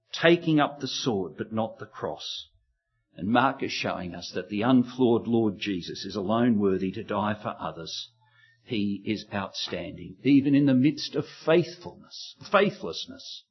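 A man's voice: medium pitch, husky, highs cut off. A man preaching an expository sermon, walking through verses and setting emphatic contrasts in rhythmic pairs.

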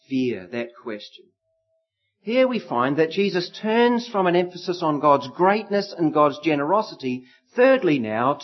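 Animated middle-aged man preaching a sermon. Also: a little high. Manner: animated storytelling with acted voices. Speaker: pastor. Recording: slightly muffled lo-fi recording.

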